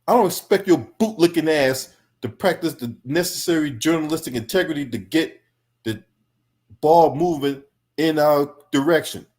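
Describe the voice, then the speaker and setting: Man, angry political reaction stream, confrontational, profane, somewhat high pitch. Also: normal speed, a little mellow. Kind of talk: heated reaction commentary.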